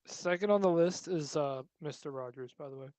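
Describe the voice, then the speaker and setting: A man's voice: on the high side, a little fast, a little mellow, a little hiss or hum. Joking young man playing a tabletop game. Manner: joking, loose, fillers. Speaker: player. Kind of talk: casual chat.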